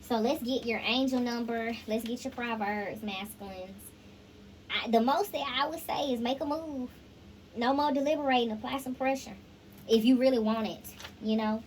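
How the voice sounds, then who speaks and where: A woman's voice: on the high side, normal speed, darkish tone, a little hiss or hum, poor audio. A woman giving a casual tarot reading, talking straight to viewers and breaking into song snippets. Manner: chatty, sings snippets, addresses viewers directly. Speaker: tarot reader.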